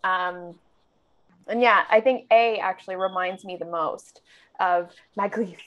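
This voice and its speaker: A woman's voice: medium pitch, unhurried. Woman, podcast co-host, giggly, casual, muffled lo-fi audio. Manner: giggly, filler-heavy. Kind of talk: casual chat. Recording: dull lo-fi sound.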